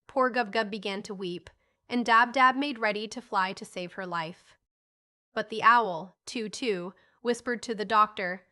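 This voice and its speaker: A woman's voice: mid-range voice, a little slow, sharp tone. A woman narrating a children's storybook audiobook, reading each character in a lightly lifted voice.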